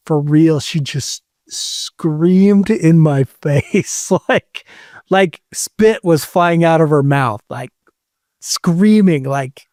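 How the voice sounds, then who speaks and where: A man with a fairly high voice spins a candid story at an unhurried, drawn-out pace. He swears freely, leans on "like" and breaks into laughs as he goes. The sound is dry and close, with almost no room. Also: animated, no echo. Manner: candid, profane, full of "like" fillers, laughs mid-sentence. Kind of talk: casual storytelling chat.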